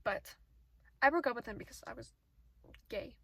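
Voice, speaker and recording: Chatty teen girl rambling fast. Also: a little high, gravelly, a bit bright, breathy edge, rough recording. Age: teens. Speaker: vlogger. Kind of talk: casual rambling vlog. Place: outdoors, sitting in a parked car area.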